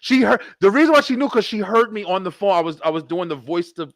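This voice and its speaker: A middle-aged man hosting a podcast, telling stories in an animated, profane way. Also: high-pitched, fast talker, dry recording, clean studio sound. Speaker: podcast host. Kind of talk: casual podcast chat.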